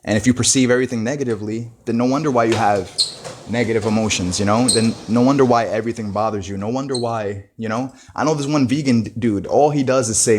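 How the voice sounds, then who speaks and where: A man's voice: mid-range voice, fast talker, a little mellow. A man giving a casual, reflective monologue, full of "you know" and "bro" and frequent restarts. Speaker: motivational talker.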